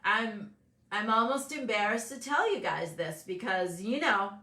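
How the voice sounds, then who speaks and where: A woman's voice: medium pitch, expressive, measured pace, pushed and bright, roomy sound. A woman hosting a casual motivational talk show, speaking candidly and animatedly, acting out the voices of people she quotes. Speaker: host and business coach.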